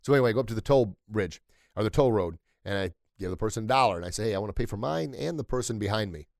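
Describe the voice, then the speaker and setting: A middle-aged man hosting a motivational podcast, telling everyday stories with energy and building to loud, emphatic peaks. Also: fairly low pitch, animated, rapid-fire, vocal fry, no room sound, studio quality. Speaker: podcast host. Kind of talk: motivational solo podcast talk.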